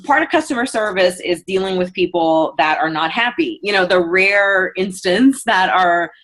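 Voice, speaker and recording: A woman's voice: fairly low pitch, lively intonation, normal speed, fairly bright tone. A woman giving a casual customer care training on a video call, chatty and full of fillers, acting out customer messages. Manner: chatty, many fillers, acts out customer quotes. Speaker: book sales consultant leading a team training.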